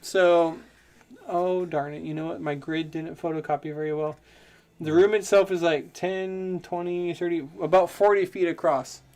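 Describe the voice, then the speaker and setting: A man's voice: on the high side, fairly even intonation, normal speed, darkish tone. A man as game master in a casual tabletop game, explaining the map and counting distances aloud.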